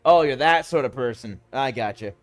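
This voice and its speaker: A man streaming a city-building game, talking casually and mocking the characters and game mechanics in an animated, sarcastic way. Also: medium pitch, normal speed, soft background music. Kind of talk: casual let's-play commentary.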